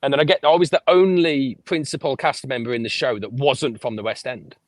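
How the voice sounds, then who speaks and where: A man, a podcast guest telling lively stories about his life and swearing freely. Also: mid-range voice, brisk, dry recording. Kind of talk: casual storytelling interview.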